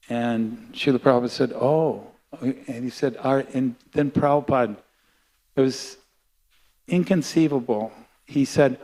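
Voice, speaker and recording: An older man giving a sermon built around a personal memory, speaking in a halting, heartfelt way with frequent restarts. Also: mid-range voice, fairly even intonation, a little mellow. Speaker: guest speaker at a temple class.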